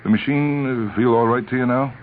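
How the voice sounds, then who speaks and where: A man voicing a brash, excitable male bike shop partner who blusters loudly, on a tinny old radio recording. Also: medium pitch, a little fast, slight background noise, voice pushed up, natural voice. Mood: eager. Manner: loud, eager, blustering.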